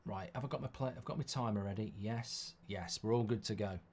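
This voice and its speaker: A man's voice: fairly low pitch, a little fast, darkish tone, a little hiss or hum. A middle-aged man, hosting a live football watchalong in a chatty way and reading out viewer comments. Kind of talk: casual live-stream chat.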